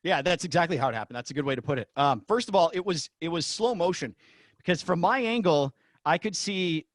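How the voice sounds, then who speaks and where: A middle-aged man, a former arena announcer, telling stories as a podcast guest in an excitable way. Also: a little high, fairly quick, no room sound. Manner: excitable, acts out shouted quotes. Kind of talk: animated storytelling in a podcast interview.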